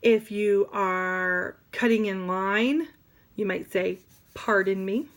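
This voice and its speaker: A woman teaching sign language vocabulary in an animated, demonstrative way, with playful asides. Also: mid-range voice, slow pace. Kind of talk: classroom lesson.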